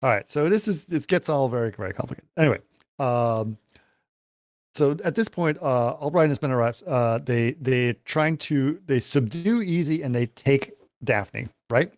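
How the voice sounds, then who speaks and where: Man, podcast co-host, halting plot recap, lots of ums, mid-pitched voice, dry close sound. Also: expressive, no room sound. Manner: hesitant plot recap with many fillers. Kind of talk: casual film discussion.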